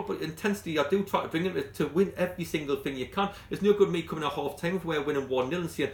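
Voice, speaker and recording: A man's voice: on the high side, fast talker, vocal fry, hardly any pauses, echoey room. A man with a Geordie accent, a football club manager giving a blunt, passionate interview, talking in bursts with many restarts. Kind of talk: post-training interview.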